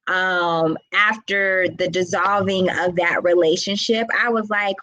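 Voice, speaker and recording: Slow, reflective woman hosting a live session. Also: lowish voice, steady tone, sharp tone, no room sound, poor audio. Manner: slow, reflective, with many fillers and asides to viewers. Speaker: wellness session host. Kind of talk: casual live-stream talk.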